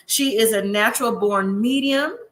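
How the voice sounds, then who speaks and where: Woman, casual recap host, sassy and chatty, bright tense voice, echoey room. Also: on the high side, normal speed. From US West Coast. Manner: chatty, sassy, talks to viewers directly.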